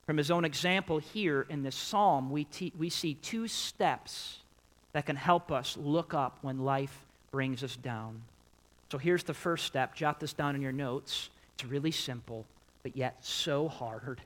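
Animated man preaching a sermon. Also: a little high, a little slow, rough recording. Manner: asks the congregation questions and repeats key points for emphasis; animated, swinging from quiet to loud. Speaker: pastor.

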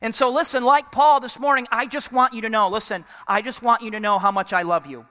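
Male pastor, high crisp voice, energetic call-and-response preaching, reverberant sanctuary. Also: brisk. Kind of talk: sermon. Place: church sanctuary. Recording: long hall reverb.

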